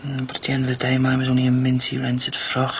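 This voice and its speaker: A man's voice: medium pitch, monotone, fast, close to an everyday voice. A man playing a sulking, clingy bridegroom. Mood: sulky. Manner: sulky, then tenderly possessive. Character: hurt, clingy young bridegroom. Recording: noisy soap recording.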